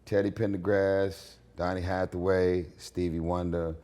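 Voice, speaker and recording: Deep dark raspy guy talking straight, confident opinions, interview at his place. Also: flat delivery, a little slow. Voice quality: raspy, gravelly voice. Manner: blunt, confident, emphatic opinions. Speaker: interview guest, singer. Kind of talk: candid interview chat. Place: his home.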